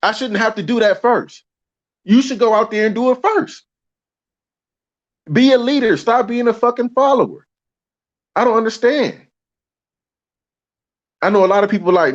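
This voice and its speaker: A man's voice: sits high, normal speed, long pauses, lo-fi sound. A man talking as a guest in a casual conversation, heated and preachy, firing off rhetorical questions.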